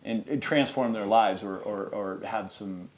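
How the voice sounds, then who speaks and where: A young man interviewing a guest, halting and repeating words, with a joking streak. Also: on the low side. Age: young adult. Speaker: interviewer host. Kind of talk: casual interview talk.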